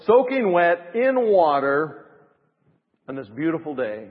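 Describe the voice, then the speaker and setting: A middle-aged man preaching a sermon as pastor, building to emphatic rising phrases and dropping to soft asides. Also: sits high, sing-song, moderate pace. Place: church. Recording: reverberant, dull church recording.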